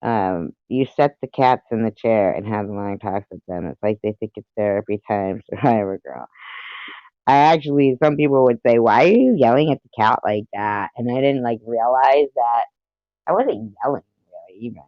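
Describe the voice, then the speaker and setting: A man with a mid-range voice hosts a livestream, chatting casually with his live audience, rambling to viewers and cursing at his pets between topics. He talks at a moderate pace, and the recording has no room sound, with the highs cut off.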